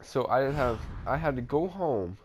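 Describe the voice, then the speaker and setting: A man's voice: mid-range voice, animated, moderate pace, slight background noise. A man casually telling a personal story over gameplay footage, rambling and swearing, with frequent restarts and fillers. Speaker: storytime vlogger.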